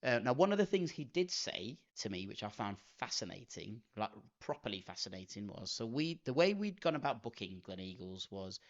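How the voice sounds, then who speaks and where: Guy rambling thru a story, lowish voice, dull muffled podcast sound. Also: very animated, brisk, hardly any pauses. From Manchester, England. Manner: rambling anecdotal storytelling, self-mocking. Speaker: podcast co-host. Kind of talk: casual podcast chat.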